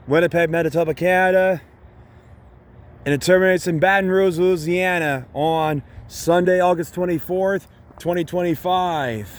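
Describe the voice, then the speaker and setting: A man filming trains trackside outdoors, talking casually and excitedly, repeating himself and calling out locomotive numbers. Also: on the high side. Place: outdoors beside a railway line. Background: passing train, outdoor noise.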